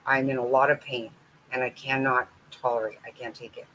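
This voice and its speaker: A woman's voice: very deep voice, flat delivery, brisk, a bit bright, a little hiss or hum, poor audio. A middle-aged woman talking bluntly and candidly with her viewers in a casual live-stream chat. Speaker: vlogger chatting with viewers.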